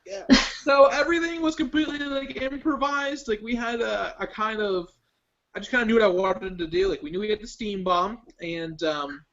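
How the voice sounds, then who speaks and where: A young man, a guest on an online chat show, telling a story in a casual, animated way. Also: high-pitched, moderate pace. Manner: animated storyteller, breaks into laughs. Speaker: guest contestant. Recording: dull lo-fi web stream audio.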